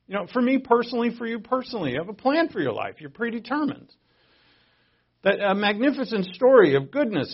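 A middle-aged man preaching a sermon as a pastor, conversational and joking, swinging between loud emphasis and quiet asides. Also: high voice, husky, muffled recording.

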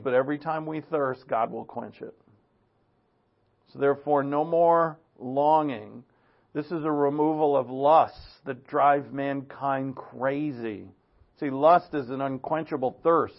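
A pastor delivers a sermon in a gravelly, creaky, medium-pitched voice, speaking earnestly and conversationally. Now and then he clears his throat. The audio is dull and lo-fi.

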